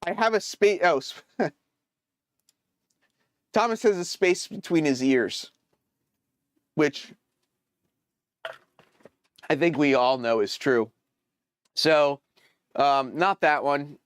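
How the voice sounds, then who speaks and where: A man hosting a casual live stream, thinking aloud as he troubleshoots and answers viewers' chat with hesitant, halting phrasing. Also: on the high side, smooth, dry recording. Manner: hesitant, many fillers and restarts.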